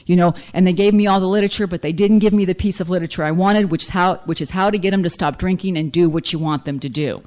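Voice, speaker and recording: A woman's voice: fairly low pitch, quick pace, hardly any pauses, darkish tone. A middle-aged woman giving a frank, self-mocking personal recovery testimony as a speaker at a meeting.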